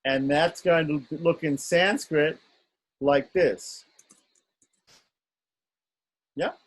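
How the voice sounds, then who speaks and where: A man's voice: on the high side, fairly even intonation, slow pace, low-quality recording. A man teaching an online script lesson, patiently sounding out letters and often checking in with his students.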